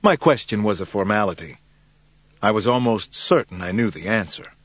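Dramatic male audiobook narrator, lively. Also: lowish voice, moderate pace, no room sound. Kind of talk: first-person crime audiobook narration.

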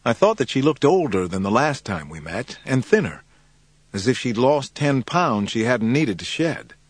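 Dramatic male audiobook narrator, lively. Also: mid-range voice, normal speed, husky, dry recording. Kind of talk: first-person crime audiobook narration.

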